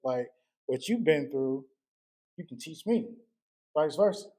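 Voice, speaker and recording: A man's voice: on the high side, lively intonation, unhurried, warm tone. A man taking part in a family conversation, reflective and affirming as he speaks.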